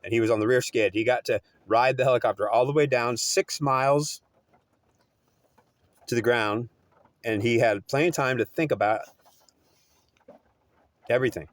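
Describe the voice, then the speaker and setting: A man's voice: medium pitch, moderate pace, pauses often, no room sound. Rambling male storyteller, dry close sound. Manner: rambling, repetitive, self-correcting. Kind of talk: oral storytelling.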